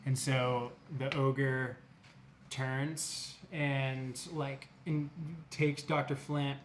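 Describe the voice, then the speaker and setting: Slow, halting young man as game master. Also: mid-range voice, flat delivery, slight background noise. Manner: halting, many fillers and restarts. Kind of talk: narrating a tabletop game.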